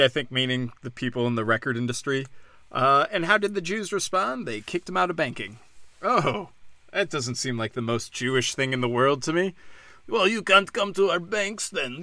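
Casting: male host, bright forceful voice, sarcastic and foul-mouthed, dry close sound. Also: medium pitch, no room sound. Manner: profane, sarcastic, rambling. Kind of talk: casual news rant.

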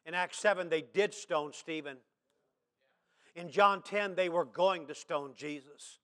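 A man preaching a sermon to his church, posing rhetorical questions and building into shouts. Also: on the high side, measured pace. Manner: impassioned preaching that swells into shouts; asks the congregation rhetorical questions. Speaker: pastor. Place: church service.

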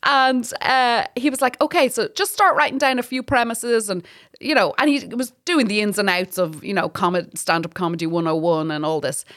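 A woman in her thirties with an Irish accent, a stand-up comic chatting as a guest, telling lively stories with frequent laughs and swearing. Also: medium pitch, brisk, no echo, studio quality. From Ireland. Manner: lively storyteller, laughs often, swears freely. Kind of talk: casual chat.

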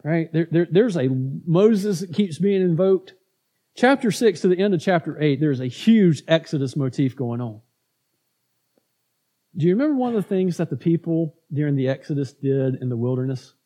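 A man's voice: fairly high pitch, animated, moderate pace, warm tone. A man preaching a conversational sermon, asking his congregation questions and acting out grumbling crowds. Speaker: pastor.

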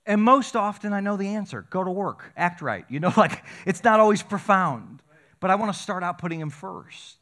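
Male pastor, middle-aged, a little high, casual and lively sermon delivery. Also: moderate pace. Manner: conversational, animated, builds to excited emphasis.

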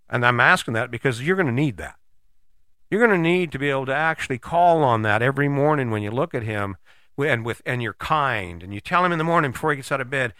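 Bright-voiced man giving motivational talk. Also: medium pitch, no echo, clean studio sound. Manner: direct, coaching, addresses listener; animated, acts out imagined dialogue. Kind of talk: motivational monologue.

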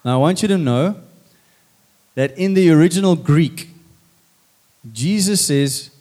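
A man's voice: fairly high pitch, measured pace. A man preaching a sermon in church, who tells the story with drama and acts out the lines. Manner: lively and dramatic, acting out lines. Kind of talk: sermon with acted scripture. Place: church stage with a congregation.

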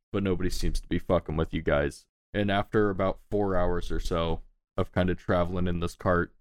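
A man with a deep, low voice narrates a tabletop game as its game master. He talks in a loose, laid-back way, swearing casually, and the sound is dry and close. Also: no room sound.

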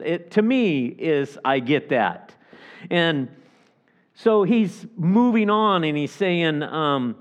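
A male pastor preaches a sermon, his voice sitting a touch high and swinging widely in pitch. He breaks into the voices of the people he quotes, acting them out. The recording is somewhat dull and lo-fi. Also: slow. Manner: animated, acts out the people he quotes.

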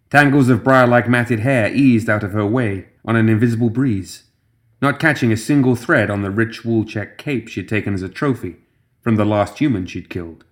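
A man reading a dark fantasy story aloud in measured, even scripted narration. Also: lowish voice.

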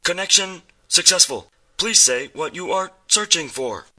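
A man voicing an automated phone system that speaks flatly and mechanically. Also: sits high, a little slow, very noisy. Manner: flat, robotic. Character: glitchy automated phone voice, male.

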